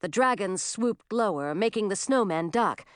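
A woman reading a storybook aloud, her voice rising and falling in a lively, expressive way. The recording is dry and close, with no room sound. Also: mid-range voice, normal speed, clear, resonant tone, no room sound. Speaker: narrator. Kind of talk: storybook narration.

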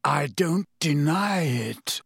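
A man doing a gaunt hunted man pleading quietly. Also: on the high side, animated, takes it slowly, gravelly, slightly rough, no echo, studio quality, exaggerated voice. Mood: quiet, urgent.

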